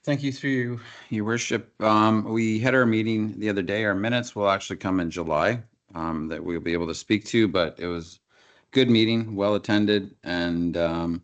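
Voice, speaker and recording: A man's voice: on the low side, fairly even intonation, moderate pace, dull audio. A man, the deputy mayor, giving a committee update in a council chamber with many ums and uhs. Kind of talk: council meeting report.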